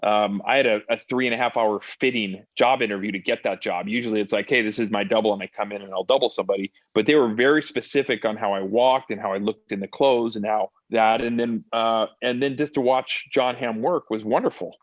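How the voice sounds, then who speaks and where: A middle-aged man, a stuntman and actor, telling stories in a casual interview, animated and full of fillers and restarts. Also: on the low side, brisk, few pauses, dry recording, dull audio.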